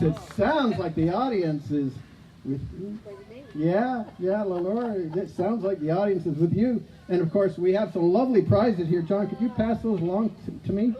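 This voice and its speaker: A man's voice: high voice, normal speed, mellow, rough recording. A man presenting a live outdoor stage show, rambling and playful, with many asides. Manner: chatty, full of "you know" asides, playful showman.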